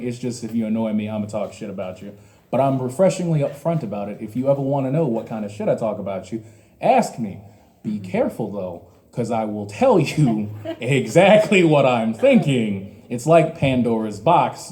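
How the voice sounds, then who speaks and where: At a small comedy club's open mic, a twentysomething comic delivers self-deprecating, foul-mouthed rants in a mellow voice of medium pitch.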